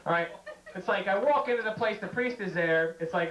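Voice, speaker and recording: A man's voice: sits high, lively intonation, fast, fairly bright tone, roomy sound, lo-fi sound. A man doing a stand-up comedy routine, telling jokey stories and acting out bits in raised voices. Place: comedy stage.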